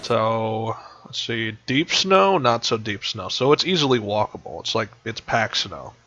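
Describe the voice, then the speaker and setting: A man's voice: on the low side, lively intonation, measured pace, pushed and bright, a little hiss or hum. A man narrating as game master of a tabletop game over voice chat, rambling with many fillers. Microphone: voice chat headset. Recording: dull lo-fi voice chat.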